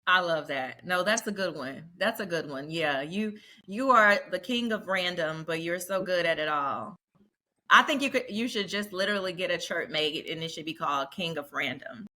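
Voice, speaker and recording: A woman hosting a casual podcast chat, talkative and quick to laugh, with lots of filler words. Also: fairly low pitch, animated, sharp tone. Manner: chatty, laughs often, many fillers. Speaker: podcast host.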